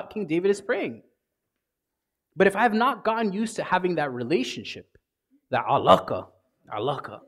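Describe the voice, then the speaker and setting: A man, a priest, giving a conversational sermon and acting out prayers in everyday speech. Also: high-pitched.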